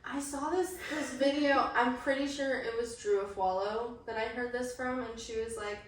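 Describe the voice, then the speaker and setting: Loud-laughing young woman, echoey room. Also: a little high, fairly even intonation, moderate pace. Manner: blunt, swears freely, laughs often. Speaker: podcast co-host. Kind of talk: casual chat. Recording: echoey room, mic at a distance, faint noise.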